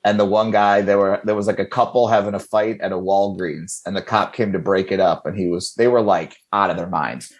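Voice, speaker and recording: Husky-voiced man telling quick stories. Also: low-pitched. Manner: animated storyteller, quick bursts, laughs often. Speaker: podcast guest, comedian. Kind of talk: casual chat.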